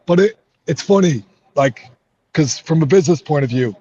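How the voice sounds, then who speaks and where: An Irish man in an interview, talking in a heated, frustrated way and swearing freely. His voice sits a little high, and the recording sounds dull and lo-fi. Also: animated, normal speed, dark tone, husky. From Ireland. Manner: heated, swears a lot, says mate. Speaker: MMA fighter.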